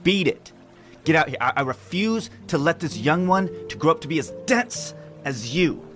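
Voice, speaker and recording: A man's voice: on the high side, sing-song, moderate pace. A man voicing a bossy male house cat who lectures and soothes a kitten. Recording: clip with loud music behind.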